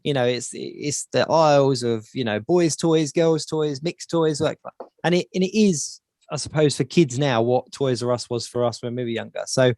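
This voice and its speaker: A man's voice: mid-range voice, normal speed, a little mellow, no echo, clean studio sound. A man co-hosting a casual podcast chat, rambling and repeating words as he thinks. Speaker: podcast co-host.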